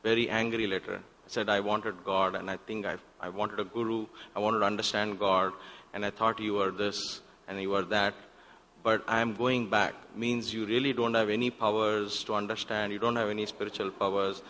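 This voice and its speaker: Guy telling a story at a spiritual center, punchy bright voice, acts out the lines loud, long echo from the hall. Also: on the low side, normal speed. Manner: animated, acts out quoted exchanges with sudden loud bursts. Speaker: guest speaker at a spiritual center. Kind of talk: personal storytelling talk.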